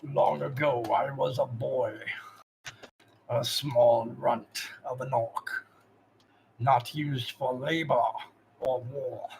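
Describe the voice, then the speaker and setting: A man voicing a solemn, proud male orc champion who speaks in slow, grave, measured phrases. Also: medium pitch, fairly even intonation, creaky, darkish tone, slight background noise, low-quality recording.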